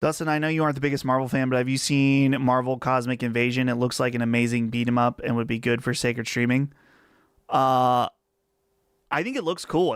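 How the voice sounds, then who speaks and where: Man, Western Pennsylvania accent, livestream host, rambling casual chat, mid-pitched, gravelly edge. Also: a bit bright, dry recording, clean studio sound. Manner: chatty, rambling, easygoing.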